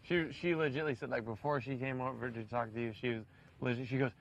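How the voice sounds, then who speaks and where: Fast-talking young man telling a story. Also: medium pitch, lo-fi sound. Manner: fast, joking storyteller, trash-talks. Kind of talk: casual banter on a reality show.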